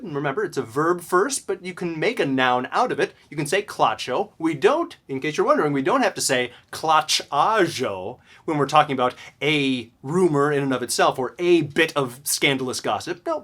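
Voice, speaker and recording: Animated man teaching a grammar lesson. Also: fairly high pitch, normal speed, hardly any pauses. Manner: lively explaining, often checks in with "okay?". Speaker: language teacher.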